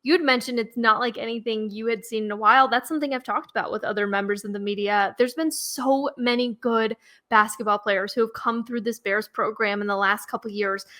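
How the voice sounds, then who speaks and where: A woman's voice: on the high side, steady tone, fairly quick, bright, forceful tone. A woman sports reporter chatting on a podcast in an upbeat, giggly way. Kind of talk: casual podcast chat.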